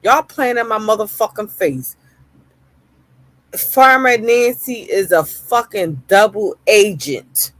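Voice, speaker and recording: A woman streamer rants through a live reaction stream, swearing freely and hammering the same lines over and over. Her voice sits at an ordinary middle pitch. It is recorded close and dry, with almost no room sound. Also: slow, no echo. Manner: heated, profane ranting with repeated phrases.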